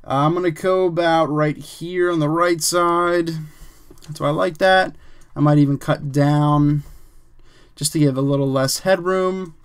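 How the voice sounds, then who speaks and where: Man, somewhat high voice, relaxed tutorial chatter, fillers and "bam"s while editing. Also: measured pace, smooth. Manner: relaxed, chatty, says "bam" and "um", thinks aloud while working. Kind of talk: casual screen-recorded tutorial.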